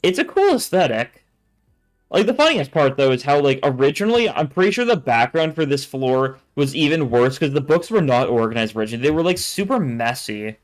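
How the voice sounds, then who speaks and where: A man chatting casually while he streams a game, his sentences rambling and full of filler. His voice sits at an ordinary middle pitch. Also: animated, a little fast, few pauses, soft background music. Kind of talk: casual let's-play commentary.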